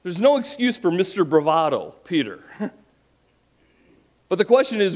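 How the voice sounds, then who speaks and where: A middle-aged male pastor preaching a sermon, retelling a story with animated emphasis and acted-out quotes. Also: on the high side, normal speed, pauses often.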